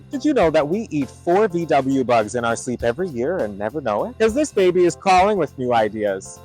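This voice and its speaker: A man hosting a comedy travel vlog outdoors at roadside attractions, cracking puns in bursts of exaggerated excitement. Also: mid-range voice.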